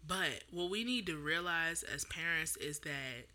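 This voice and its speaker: Woman podcast host, very bright voice, candid and heated, lots of fillers and restarts. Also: sits low, lively intonation, measured pace. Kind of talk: casual podcast monologue.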